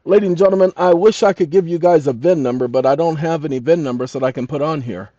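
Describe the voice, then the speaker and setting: A man's voice: fairly high pitch, dry recording, lo-fi sound. Emphatic man lecturing his viewers. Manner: emphatic, addresses listeners as "ladies and gentlemen"; slow, deliberate dictation of text. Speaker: channel host.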